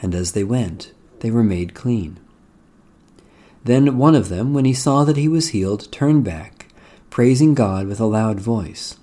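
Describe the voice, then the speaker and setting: A man giving a slow, measured liturgical reading of prayers and scripture in a solemn, prayerful manner. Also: fairly low pitch, lively intonation, warm tone. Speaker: liturgical reader.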